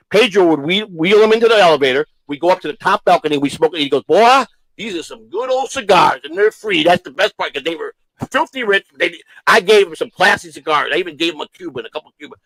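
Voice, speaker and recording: A man hosting a casual talk show, telling long rambling stories with halting restarts. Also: on the high side, animated, a bit bright, no room sound, poor audio. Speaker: show host. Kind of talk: casual storytelling chat.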